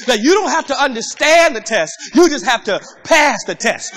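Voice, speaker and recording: A man preaching a sermon as pastor, impassioned and rising to shouts. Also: extremely high pitch, expressive, moderate pace, few pauses, in a large hall.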